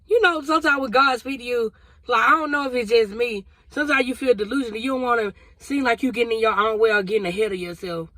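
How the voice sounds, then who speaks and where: A woman's voice: a little high, fast, a bit bright, no echo. A woman vlogger sharing a spiritual testimony in a casual, emotional, conversational way, talking straight to her viewers. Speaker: vlogger sharing a prophetic word.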